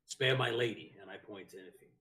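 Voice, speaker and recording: A man playing in a tabletop game, speaking in character in a brash voice and cursing loudly. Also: lowish voice, fast. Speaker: player.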